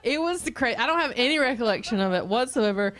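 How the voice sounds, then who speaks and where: Animated woman telling a comic story. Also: on the high side, quick pace. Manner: animated, laughing often through the story. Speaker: comedian. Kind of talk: comedic storytelling.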